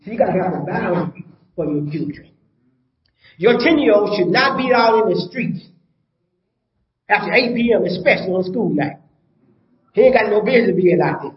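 Older guy preaching, kinda high voice, keeps asking "you follow me", echoey muffled room. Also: lively intonation, normal speed, long pauses. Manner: emphatic, repeats points, asks the congregation rhetorical questions. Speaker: pastor. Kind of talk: sermon.

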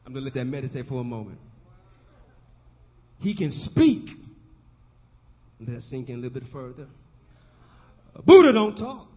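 A man preaching a sermon in a rhythmic style, repeating phrases and building up to shouts, calling on the congregation. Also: medium pitch, animated, normal speed, long pauses, long reverb tail, dull audio. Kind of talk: call-and-response sermon.

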